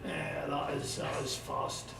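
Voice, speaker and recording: A Scottish motorsport commentator calls a sprint live at the track, excitable and chatting with a companion. His slightly high, gravelly voice comes slowly and sounds distant in a roomy space, with loud engines and outdoor ambience roaring behind him.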